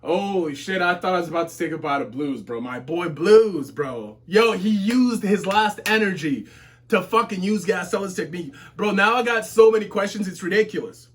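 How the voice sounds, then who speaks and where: A man streaming a live reaction to a comic chapter, excitable and profane, full of slang and bursting into shouts when hyped. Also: sits high, normal speed, a little hiss or hum.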